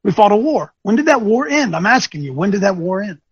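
High husky man lecturing with questions. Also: a little fast, no room sound, dull audio. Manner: animated and teasing, quizzes listeners, thinks aloud. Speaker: coach speaking to an audience. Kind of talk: lecturing talk with rhetorical questions.

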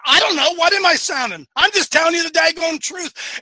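A man preaching with fire to a live online audience, often raising his voice to a shout. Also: very high-pitched, brisk, no echo. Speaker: host and preacher of an online show.

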